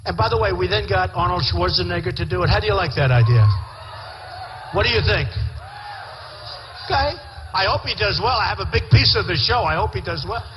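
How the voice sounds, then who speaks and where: A man's voice: high-pitched, animated, fairly quick, pauses often. A man giving a campaign rally speech as a presidential candidate. His talk is boastful, rambling and repetitive, delivered into a podium microphone in a large indoor venue. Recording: large hall reverb, faint crowd noise.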